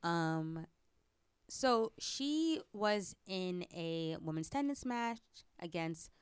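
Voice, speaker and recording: A woman co-hosting a podcast in casual chat, chatty and quick to laugh. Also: fairly low pitch, animated, clear, resonant tone, dry recording. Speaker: podcast co-host.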